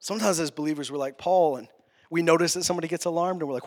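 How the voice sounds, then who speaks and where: A male pastor preaching a sermon, passionate, swinging between quiet, tender passages and loud, urgent ones. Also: fairly high pitch, racing.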